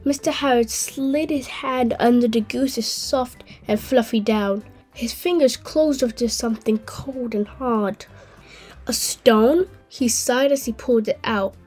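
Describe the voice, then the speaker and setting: A woman hosting a channel and reading a children's story aloud in a gentle, clear way. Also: a little high, unhurried, soft background music. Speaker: host and storyteller.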